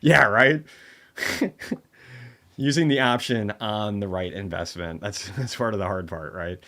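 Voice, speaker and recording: A livestream host reviewing markets talks in a notably low, deep voice that's a bit bright. His loose commentary is blunt, full of swearing and dry sarcasm, and rambles through restarts and quick asides.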